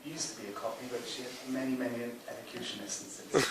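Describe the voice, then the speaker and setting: A man, a film director, answering audience questions in a rambling way with many ums and little chuckles. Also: mid-range voice. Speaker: film director, festival guest. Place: cinema hall. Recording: echoey hall recording from far off, hiss.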